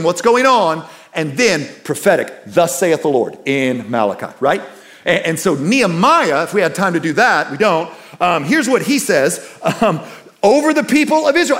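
A man preaching a sermon with a lively, swooping delivery that climbs high when he presses a point. He sits a bit above the usual pitch for a man and talks to the congregation in a casual, conversational way. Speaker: pastor.

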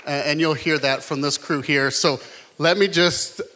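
A man's voice: a little high, steady tone, measured pace. A man speaking as pastor from a church stage, casual with frequent fillers, then leading a prayer. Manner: warm-hearted, casual, many fillers.

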